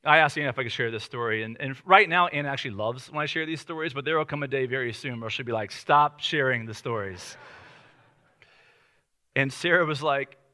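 A man in his thirties, a pastor, preaches a sermon by telling family stories in a relaxed, conversational way with light laughter. His voice is medium-pitched, and he talks fast with few pauses.

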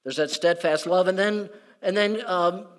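Male pastor, high voice, casual sermon delivery, stumbles over repeated words, long church reverb. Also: a little slow, a bit bright. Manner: conversational, repeats words, acts out quoted prayers. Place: church sanctuary. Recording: reverberant hall.

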